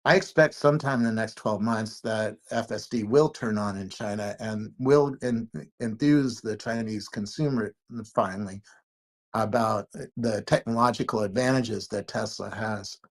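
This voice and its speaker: Man hosting a podcast, halting questions. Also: on the low side. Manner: halting, restarts when asking questions. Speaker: podcast host. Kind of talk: casual podcast interview.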